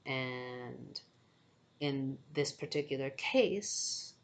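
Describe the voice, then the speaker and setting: Woman, deep register, casual spiritual vlogger, earnest and chatty with frequent laughs. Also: expressive, extremely slow. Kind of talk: casual storytelling monologue.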